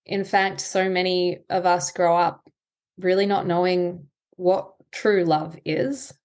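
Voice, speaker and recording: A woman anxiety coach, a podcast guest, explaining ideas in a calm, reflective way. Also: fairly low pitch, slow. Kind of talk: conversational interview.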